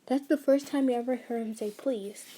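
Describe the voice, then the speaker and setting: A woman's voice: a little high, fairly even intonation, normal speed, warm tone. Woman casually reading a fanfic aloud. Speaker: storyteller.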